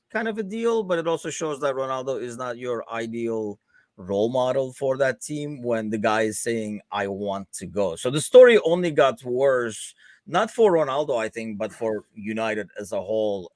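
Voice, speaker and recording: A man's voice: mid-range voice, dry recording. Chatty American man, dry close mic. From United States. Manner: conversational, sarcastic, laughs easily. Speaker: podcast host. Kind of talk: casual football chat.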